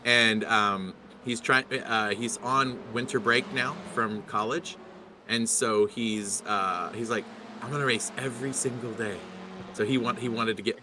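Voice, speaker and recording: A man's voice: fairly low pitch, fairly even intonation, measured pace, background noise. A middle-aged man commentating a sim race, chatty and rambling, often laughing.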